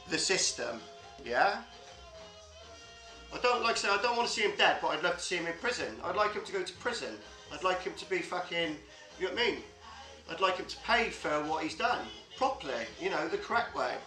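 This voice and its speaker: A man's voice: sits high, sharp tone. A man hosting a casual livestream, rambling and swearing a lot, with many filler tags. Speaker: livestream host. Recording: echoey room with music playing.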